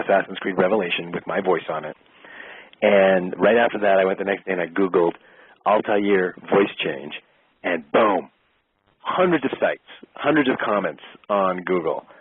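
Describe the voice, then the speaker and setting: A man, an actor, telling an animated story in an interview and acting out the voices of the people he quotes. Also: deep voice, normal speed, husky, no echo, phone-quality sound. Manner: lively, acts out quoted voices.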